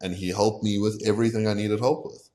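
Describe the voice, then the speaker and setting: A man's voice: lowish voice, flat delivery, a little fast, mellow, slight background noise. A young man from South Africa, a podcast guest, telling a candid story and acting out what people said to him. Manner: candid, retells conversations in quoted voices. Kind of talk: casual storytelling.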